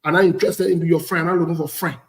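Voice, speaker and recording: A Liberian man hosts a casual talk show in a bold, blunt manner. His voice sits high for a man, and he drives each point home by repeating it. The recording sounds roomy, with a clear echo. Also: steady tone, rapid-fire. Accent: Liberian English. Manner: blunt, preachy, repeats phrases for emphasis. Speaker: host.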